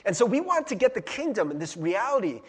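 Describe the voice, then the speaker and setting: A man's voice: high-pitched, very animated, fast talker, slightly rough. A man, the pastor, preaching a sermon in a casual, conversational way, often tossing in "right?" and laughing at himself. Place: church sanctuary. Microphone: handheld or stand mic.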